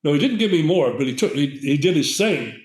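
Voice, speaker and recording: A man's voice: a little high, expressive, a little fast. Older man telling a rambling story. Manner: rambling, many fillers and restarts. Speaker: guest herbalist. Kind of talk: storytelling in conversation. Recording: roomy echo.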